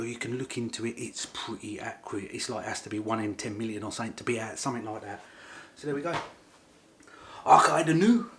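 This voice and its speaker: A man's voice: medium pitch, noisy background. Rambling man chatting. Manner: rambling, self-correcting. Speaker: vlogger. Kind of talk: casual chat.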